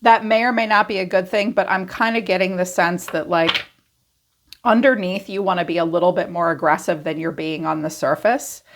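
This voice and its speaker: Stuffy raspy woman doing a tarot reading, kinda low voice, thinks out loud. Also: fairly even intonation, moderate pace. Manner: musing, thinks aloud, clears throat often. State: congested from allergies. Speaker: tarot reader. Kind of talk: casual tarot reading to camera.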